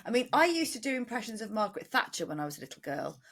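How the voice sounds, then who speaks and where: A woman's voice: on the high side, big pitch swings, fairly bright tone. A woman who teaches acting classes, co-hosting a podcast in casual chat, agreeing readily and telling anecdotes. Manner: agreeable, quick affirmations, anecdotal.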